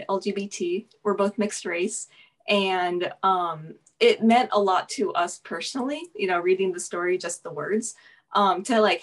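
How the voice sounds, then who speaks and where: A woman's voice: mid-range voice, a bit bright, distant mic. A woman illustrator speaking thoughtfully with fillers in a livestreamed book launch conversation.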